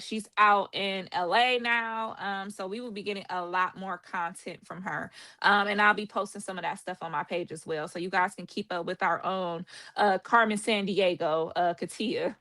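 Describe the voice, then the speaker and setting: A woman's voice: mid-range voice, moderate pace, sharp tone. A woman hosting a podcast in casual chat, talking in a chatty, promotional way with lots of "um" fillers. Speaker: podcast host.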